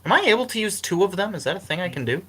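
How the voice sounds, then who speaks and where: A man playing in a tabletop game, asking quick rules questions. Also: sits high, very animated, crowd noise. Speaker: player.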